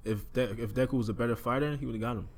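A man's voice: medium pitch, fairly even intonation, racing, darkish tone. A man co-hosting a casual podcast, teasing his friends in slang and mimicking them. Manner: teasing, slangy, mocking impressions. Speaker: podcast co-host. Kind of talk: casual banter.

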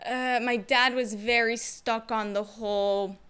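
Young woman, bright clear voice, slightly high, energetic storytelling, expressive, playful asides. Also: a little slow. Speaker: vlogger sharing her story. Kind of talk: casual personal storytelling to camera.

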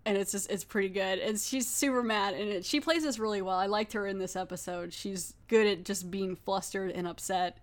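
A woman's voice: medium pitch, a little fast, few pauses. A woman podcast host casually recapping a TV episode, chatty and full of fillers and laughs.

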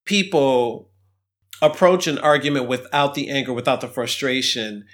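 A man co-hosting a podcast, telling a story in a calm, measured, reflective way. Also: medium pitch. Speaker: podcast co-host. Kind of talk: casual conversation.

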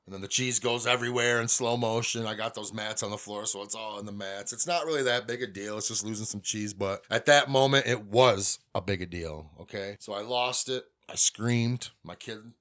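A middle-aged man with a fairly low voice talks alone into a podcast mic. He rambles and swears freely as he confesses things, in a loose, casual way. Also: a little fast, hardly any pauses, fairly bright tone. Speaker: podcast host. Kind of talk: casual monologue.

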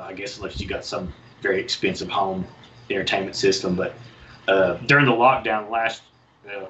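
A man's voice: fairly low pitch, bright, forceful tone, highs cut off. A man with a Southern US accent, a guest on a movie podcast, rambling and searching for words as he talks. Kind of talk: casual movie chat.

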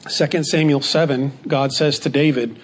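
A man teaching a Bible study lesson in a measured way, repeating key phrases for emphasis. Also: mid-range voice, fairly even intonation, slight background noise.

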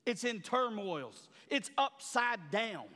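A man preaching a sermon as pastor, swinging from quiet murmurs to loud, high shouting in a dramatic, colloquial preaching style. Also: very animated, takes it slowly, big-room sound.

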